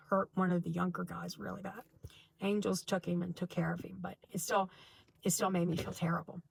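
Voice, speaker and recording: Emphatic gravelly-voiced woman vlogger. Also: medium pitch, no room sound. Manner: animated, emphatic retelling with laughs and restarts. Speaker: spiritual vlogger. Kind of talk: casual storytelling to camera.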